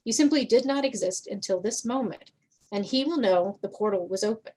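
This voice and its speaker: A woman's voice: medium pitch, a little fast, mellow, lightly acted. A woman reading the lines of a stern man who guards his people, in a grave, warning tone.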